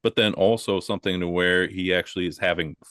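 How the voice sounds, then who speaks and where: A man with a low voice co-hosts a casual podcast chat. He speaks hesitantly, thinking out loud, and the recording is close and dry. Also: steady tone, fast, no echo.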